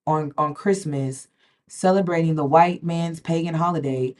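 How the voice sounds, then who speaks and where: A woman's voice: sits low, moderate pace, darkish tone, a little hiss or hum. A woman talks straight to her viewers in a casual vlog. She is emphatic, stumbles and repeats words, and keeps checking in with "okay?". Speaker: spiritual vlogger. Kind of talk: casual direct-to-camera talk.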